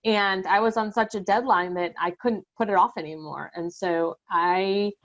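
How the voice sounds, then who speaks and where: A woman being interviewed on a podcast, speaking haltingly with many restarts and nervous laughs. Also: medium pitch, steady tone, fairly bright tone, muffled recording. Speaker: guest sharing her exam success story.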